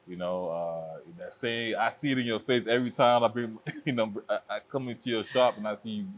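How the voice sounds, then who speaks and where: Host, man, lowish voice, easygoing chat style, lots of fillers. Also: fairly quick. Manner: relaxed, uses "like" and "you know" fillers. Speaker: podcast host. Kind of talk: casual interview chat.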